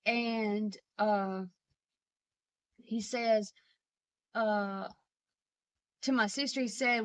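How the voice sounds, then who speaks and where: A woman vlogger telling a personal story in a halting way, with many pauses and restarts. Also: medium pitch, steady tone, fairly bright tone.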